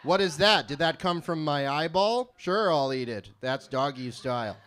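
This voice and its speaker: A young man from California doing a live stand-up set in a small venue, deadpan and prone to rambling digressions. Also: fairly high pitch, normal speed. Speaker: stand-up comedian.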